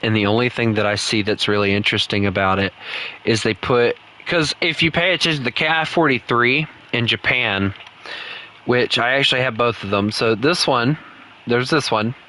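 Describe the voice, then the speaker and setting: A man's voice: medium pitch, normal speed, a little hiss or hum, poor audio. A young man, chatting casually and ranting while he plays a game from his home setup. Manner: loose, rambling, swings into loud frustrated outbursts. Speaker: gaming streamer. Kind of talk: casual gameplay commentary.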